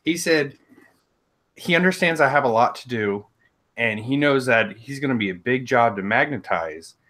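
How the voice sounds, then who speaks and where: A man's voice: medium pitch, lively intonation, normal speed, a bit bright. A man co-hosting a casual live chat, playful and sarcastic, chuckling as he talks. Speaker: podcast co-host.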